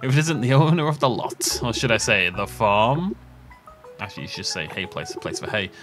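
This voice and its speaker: Man voicing a theatrical game villager guy, middle-aged, bouncy lively lines, faint music. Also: on the low side, brisk, close to an everyday voice. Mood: jokey. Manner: reading dialogue boxes aloud.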